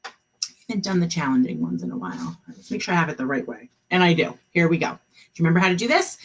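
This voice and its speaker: Breathy, animated kindergarten teacher woman. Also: low-pitched. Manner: encouraging, sounds words out slowly. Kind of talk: online class lesson.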